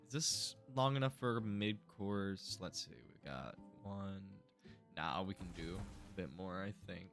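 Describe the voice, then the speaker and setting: A man's voice: sits low, unhurried, a bit bright, faint music behind. A young man streaming a building game, casually thinking aloud and mumbling to himself as he works. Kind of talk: casual live gameplay commentary.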